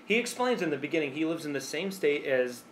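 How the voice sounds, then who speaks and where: Male podcast co-host, slightly high voice, giggly and rambling, faint hiss in the background. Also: very animated, fast talker, a bit bright. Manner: laughs often, rambling with fillers. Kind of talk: casual chat.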